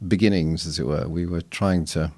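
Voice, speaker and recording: Man, low voice, podcast guest, thoughtful and anecdotal, restarts often. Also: steady tone, moderate pace, darkish tone. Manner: reflective, anecdotal, frequent restarts. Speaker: guest missiologist. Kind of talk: casual podcast conversation.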